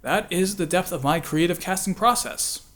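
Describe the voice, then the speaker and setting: A voice actor who hosts his own channel talks through a casual video commentary in a high-sitting, fairly bright voice at a moderate pace. He is talkative and self-mocking, with frequent laughter and fillers.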